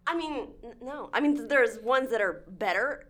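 A woman in casual group chat, talking in a chatty way with lots of fillers and animated storytelling. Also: on the high side, moderate pace. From lived in Turkey. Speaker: panelist.

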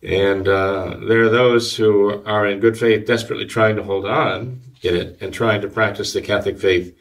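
Low-voiced priest, a bit off-mic. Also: male voice, fairly even intonation, distant mic. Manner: measured, halting, with many fillers and restarts. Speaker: Catholic priest answering listener questions. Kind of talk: conversational commentary.

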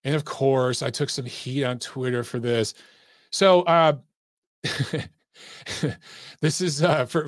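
A man's voice: on the high side, no room sound, studio quality. A middle-aged man hosting a boxing podcast, ranting in casual commentary with profane, emphatic, repetitive talk.

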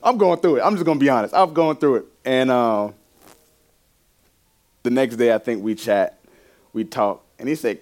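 A young man preaching a sermon with a personal testimony, animated, laughing often and shifting from loud to hushed. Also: medium pitch, normal speed, long pauses.

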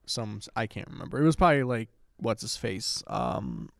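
A man's voice: fairly low pitch, wildly swooping pitch, vocal fry, no echo. Guy cohosting a podcast, dry teasing, trips over his words, no room sound. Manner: wry, teasing, halting. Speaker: podcast co-host. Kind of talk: casual chat.

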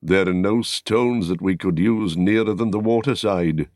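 A man voicing a gruff, blunt male dwarf warrior in an audiobook, speaking urgently. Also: sits low, unhurried, a little mellow, no room sound, clean studio sound. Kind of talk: audiobook character reading.

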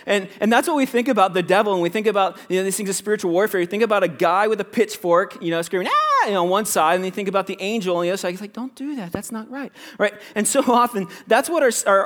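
Casual-talking young pastor man, high voice. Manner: casual and conversational, with many fillers. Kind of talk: sermon.

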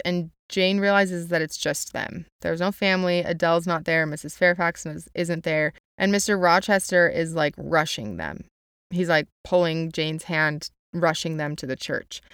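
Chatty young woman with a smooth voice. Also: lowish voice, dry recording, studio quality. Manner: chatty, uses "like" a lot, reads quotes aloud. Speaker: student summarizing a novel. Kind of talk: casual book summary.

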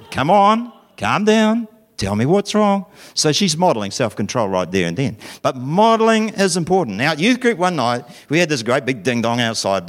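A middle-aged man preaches in a chatty, storytelling way. His pitch swings widely as he throws questions at the congregation and slips into acted voices. He sits at an ordinary pitch for a man. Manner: animated storytelling, acting out voices, asking the audience questions. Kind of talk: conversational sermon.

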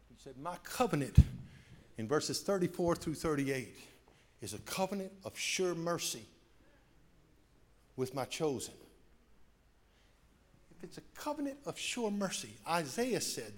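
A man pastor preaching a sermon with call-and-response, dropping soft then rising to shouts. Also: medium pitch. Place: church sanctuary.

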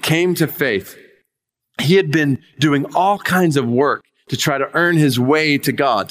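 A man's voice: medium pitch, a bit bright. A man preaching a sermon, telling a conversion story in an earnest storytelling manner. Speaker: pastor.

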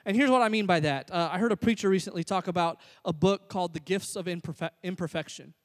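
A man preaching a sermon as a pastor, energetic and building to near shouts. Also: sits high, fast. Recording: long hall reverb.

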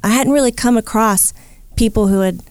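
A woman's voice: fairly high pitch, moderate pace, smooth, no echo. A middle-aged woman, a psychic medium, telling a story in a casual interview and acting out the voices in it. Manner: animated, acts out the voices in her story.

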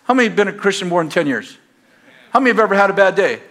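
A middle-aged American man preaching a sermon in a church, telling stories and building to loud exhortation. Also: sits high, expressive, racing. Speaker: pastor. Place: church sanctuary. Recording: faint crowd in a church. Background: congregation.

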